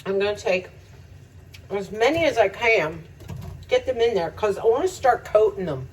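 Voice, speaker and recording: A woman's voice: medium pitch, lively intonation, normal speed, distant mic, poor audio. A woman making a home cooking video, chatting to viewers as she cooks and laughing often. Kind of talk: casual cooking demonstration. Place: home kitchen.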